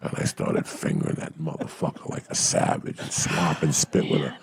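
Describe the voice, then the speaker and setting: A man, a comedian on a podcast, telling profane stories in a loud, crude, rowdy way with a gravelly voice. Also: rumbling low, huge pitch swings, normal speed. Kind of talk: profane storytelling.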